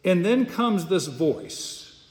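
A man's voice: high-pitched, animated, very slow. A pastor preaching an earnest, emphatic sermon, often repeating words as he goes. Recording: long hall reverb.

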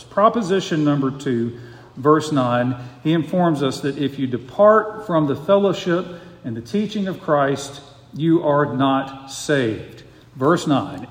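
A fairly high-voiced man preaching a verse-by-verse sermon as pastor. He is earnest and emphatic, driving his points home with pointed rhetorical questions. His voice rings through a roomy church sanctuary with a long, lingering reverb. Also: darkish tone. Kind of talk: expository sermon. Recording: echoey hall with long reverb.

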